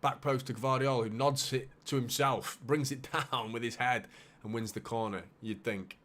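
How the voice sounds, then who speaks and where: Man, fan watchalong host, live play-by-play, excitable then muttering. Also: medium pitch, normal speed.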